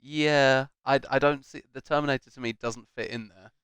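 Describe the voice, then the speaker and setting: A man's voice: medium pitch, steady tone, normal speed, fairly bright tone, clean tone, no room sound. A young man co-hosting a casual film chat, rambling and joking with frequent laughs. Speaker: co-host.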